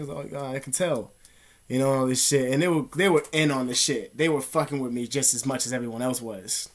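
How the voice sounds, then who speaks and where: Man, casual monologue, rambling, profane, animated, mid pitch. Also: fast talker. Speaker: vlogger.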